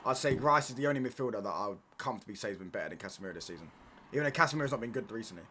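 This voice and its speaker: A man's voice: medium pitch, lively intonation, very fast, noisy background. A young man chatting casually on a football watchalong stream, reading chat and bantering in slang with stop-start restarts.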